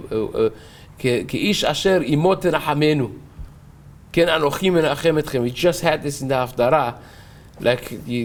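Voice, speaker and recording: Rabbi, animated storyteller, fairly high voice, online class. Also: male voice, creaky. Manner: animated storyteller, acts out dialogue, frequent restarts. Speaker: rabbi teaching daily Talmud class. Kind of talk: Talmud lesson with storytelling.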